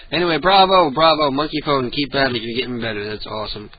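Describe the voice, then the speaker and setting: A man's voice: medium pitch, steady tone, fairly quick. Male radio host, rambling, chuckles, self-mocking, muffled lo-fi sound, faint hiss. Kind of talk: casual radio chat.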